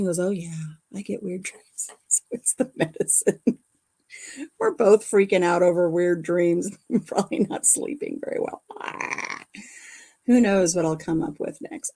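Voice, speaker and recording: A woman's voice: medium pitch, warm tone. A middle-aged woman in casual chat, telling a story in a rambling, chatty way with small fillers. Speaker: vlogger.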